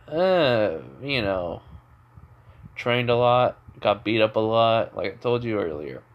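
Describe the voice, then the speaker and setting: A man's voice: lowish voice, expressive, slow pace, muffled recording. A man doing a cocky teen boy ninja. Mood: casual. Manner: cocky, offhand, tough-talking. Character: brash teen boy ninja hosting a spirit.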